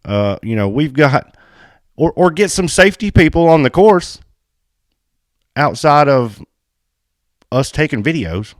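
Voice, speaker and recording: A man co-hosting a casual podcast, telling a story in a blunt, animated way and swearing freely. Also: fairly high pitch, unhurried, long pauses, no room sound, studio quality. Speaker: podcast co-host and race filmer.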